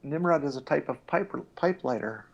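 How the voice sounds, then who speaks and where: A man joining a casual chat as a guest, joking crudely with halting restarts. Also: a little high, lively intonation, gravelly, lo-fi sound.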